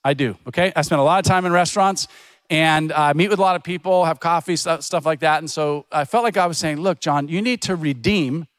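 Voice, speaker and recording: A man's voice: a little high, steady tone, fast, smooth, no echo. A middle-aged man preaching a sermon as a pastor, telling stories in a conversational way and acting out the voices of people he quotes. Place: church.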